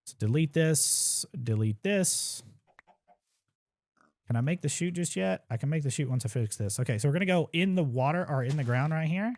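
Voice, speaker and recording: A man's voice: on the high side, lively intonation, quick pace, few pauses, a little mellow, no echo. A young man casually talking through his own game speedrun, thinking aloud as he plays and tossing in wry asides about his mistakes. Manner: casual, thinks aloud while playing, self-deprecating asides. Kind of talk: live gameplay commentary.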